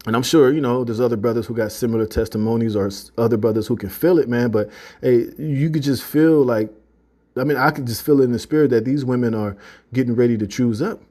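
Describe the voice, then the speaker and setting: Mellow-voiced man giving a casual testimony. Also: mid-range voice, quick pace. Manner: loose and conversational, heavy use of "you know" and "man". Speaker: religious teacher giving a testimony.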